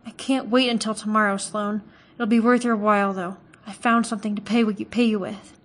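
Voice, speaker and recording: A woman's voice: medium pitch, fairly even intonation, fairly quick, close to an everyday voice. A woman reading aloud and voicing a young male farm-boy hunter who speaks in a curt, defensive way.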